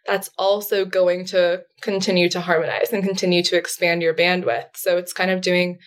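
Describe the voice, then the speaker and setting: A woman's voice: lowish voice, little pitch movement, moderate pace. A woman speaking as a therapist guest in a casual interview, explaining things in a chatty way with frequent fillers and light laughs.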